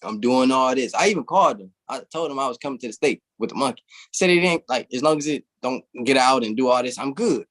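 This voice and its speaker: A young man guesting on an interview tells a long story at a fast clip, his medium-pitched voice fairly bright and animated. He keeps it casual, swearing freely and laughing along the way.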